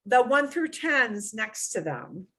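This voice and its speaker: A woman's voice: fairly high pitch, big pitch swings, slow, a bit bright. A woman teaching a beginner Spanish class, explaining patiently and often checking in with "okay?".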